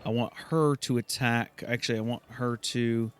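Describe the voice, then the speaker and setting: A young man hosting a let's play, casually thinking aloud and reacting excitably. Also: medium pitch, normal speed, smooth. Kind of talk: gameplay commentary.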